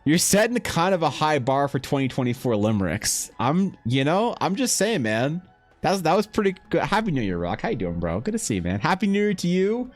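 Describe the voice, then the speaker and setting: A man's voice: on the high side, very animated, a little fast, soft background music. A man chatting casually to his live audience as he draws, rambling and swearing. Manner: loose, rambling, profane banter. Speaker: livestreaming artist. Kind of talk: casual stream chat while drawing.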